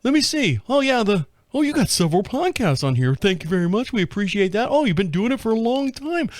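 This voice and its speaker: A man acting out a friendly male software company founder, who talks in an upbeat and reassuring way. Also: sits high, sing-song, a little fast, dry recording, voice pushed up.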